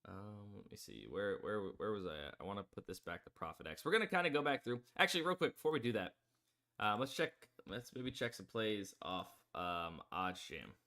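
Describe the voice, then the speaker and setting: A man's voice: lowish voice, animated, brisk, pushed and bright. A man hosting a live sports betting stream, talking casually with lots of fillers while reading odds and plugging promo codes. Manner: rambling, filler-heavy, promo-pushing. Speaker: sports betting livestream host.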